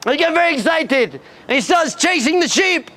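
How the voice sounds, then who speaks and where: This man's pitch is extremely high and his pace a little fast. A rabbi, he delivers a lively pep talk to yeshiva students, telling a story where he imitates bleating sheep and a roaring lion, hammering home emphatic lines again and again.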